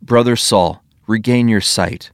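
A man voicing Ananias, a devout and kindly man who gently urges, in a scripture story read aloud. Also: lowish voice, a little slow, no room sound, clean studio sound. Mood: urging.

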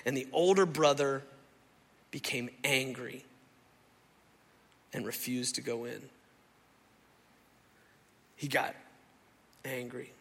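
Pastor, male, bright forceful voice, lively casual preaching, echo of a large hall. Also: medium pitch, takes it slowly, pauses often. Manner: animated, conversational, acts out the people he describes. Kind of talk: sermon. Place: church sanctuary. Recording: reverberant hall.

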